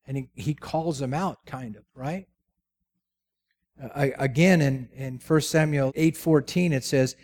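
A man preaches a sermon in a medium-pitched, unhurried, slightly mellow voice. He tells the story with jokes, rhetorical questions and humorous asides.

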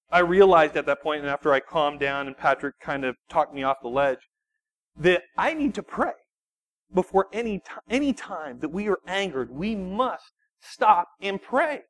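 A man, a youth pastor, giving an animated sermon full of personal storytelling and quick restarts. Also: sits high. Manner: animated, self-deprecating storytelling with frequent restarts.

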